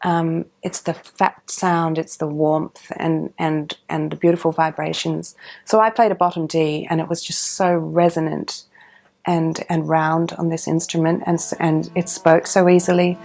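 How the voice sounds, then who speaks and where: A woman's voice: deep voice, measured pace, creaky. Woman fondly recalling her cello. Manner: warm, animated, with frequent ums and restarts. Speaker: professional orchestral cellist. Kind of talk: reflective interview storytelling.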